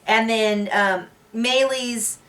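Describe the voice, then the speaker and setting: A woman's voice: fairly high pitch, steady tone, very slow, fairly bright tone, recorded from a distance. A woman recapping a reality TV episode in casual, chatty talk, laughing often and full of fillers and restarts. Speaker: recap show host.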